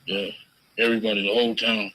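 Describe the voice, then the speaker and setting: A man's voice: on the low side, level tone, fast talker, background noise. A man interviewed in a recording, telling stories casually in profane, slangy language. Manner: laid-back, profane, slangy. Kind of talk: casual storytelling.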